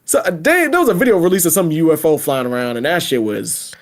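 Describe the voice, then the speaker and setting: Podcast host, man, loose and animated, slightly higher voice, casual chat. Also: fast. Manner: animated, laughing, reads predictions aloud then riffs.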